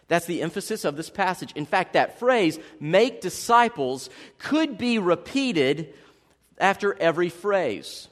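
Man preaching with a high voice in a reverberant hall. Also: sing-song, moderate pace. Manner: conversational, humorous preaching with asides to the congregation. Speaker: pastor. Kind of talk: sermon. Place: church sanctuary.

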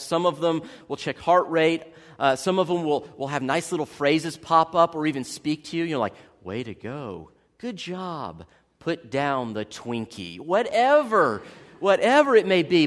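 Male preacher, high-voiced, folksy and humorous, with a long hall echo. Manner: conversational, humorous preaching with asides to the congregation. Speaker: pastor. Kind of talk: sermon. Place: church sanctuary.

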